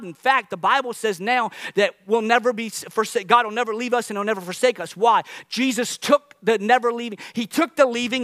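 A man's voice: very high voice, a bit bright, no echo, clean studio sound. A man preaching a sermon as pastor, earnest, restarting phrases often and building to emphatic peaks.

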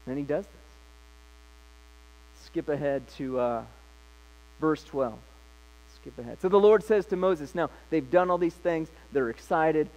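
A man's voice: fairly high pitch, a little slow, a little mellow, poor audio. A male pastor preaching a sermon, retelling scripture in a casual, conversational way.

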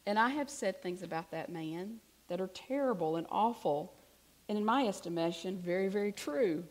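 A woman preaching a sermon, telling a personal story in a conversational way, swinging from hushed to emphatic. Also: medium pitch, lively intonation, normal speed.

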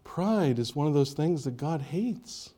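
A man's voice: fairly high pitch, animated, unhurried, warm tone. A male pastor preaching a sermon, emphatic, with rhetorical questions and swings in intensity.

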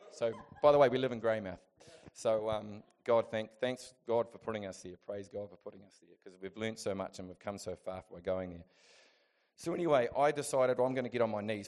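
A man talks through a personal story in a relaxed, chatty way, at an ordinary middle pitch. He laughs between phrases and now and then throws himself into loud, high acted bursts of what he said at the time. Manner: animated storytelling, acts out his own past voice in loud high bursts. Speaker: Christian vlogger sharing a testimony. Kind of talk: casual personal testimony.

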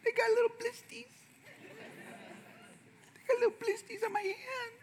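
A man's voice: extremely high pitch, fairly even intonation, moderate pace, a faint crowd, a little hiss or hum, voice pushed up. A man voicing a young boy who whines about blisters on his hands. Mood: whimpering. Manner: whiny, self-pitying.

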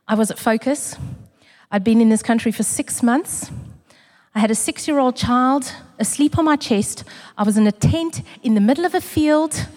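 Woman giving an emotional church testimony, warm mellow voice, goes quiet and hushed at times. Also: a little high. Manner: earnest, emotional, builds through repetition, drops to a hush. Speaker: church community speaker. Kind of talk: personal testimony sermon. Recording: long reverb of a large hall.

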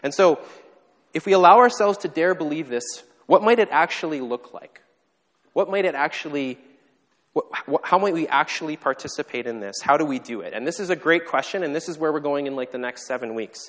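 A pastor giving a sermon in a conversational, self-deprecating way, with playful asides. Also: male voice, fairly high pitch, lively intonation, fairly quick, fairly bright tone. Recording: long reverb of a hall.

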